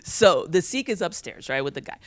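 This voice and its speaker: Animated woman telling a story. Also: fairly low pitch, brisk, no echo. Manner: animated storytelling, playful laughing. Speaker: podcast guest. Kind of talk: casual chat.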